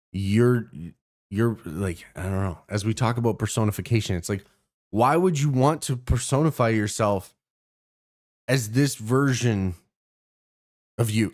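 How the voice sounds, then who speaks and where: A young Canadian man hosts his own stream, ranting casually to viewers in a rambling style full of cursing, fillers and restarts. His voice is on the low side, measured in pace, with frequent pauses.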